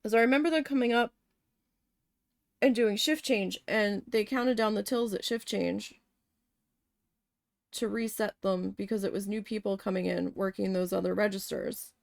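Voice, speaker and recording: A woman's voice: medium pitch, steady tone, moderate pace, creaky, long pauses, dry recording, studio quality. A woman chatting casually while she paints, telling a long, candid, profane story with rambling self-corrections. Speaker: art vlogger recalling a retail cashier job.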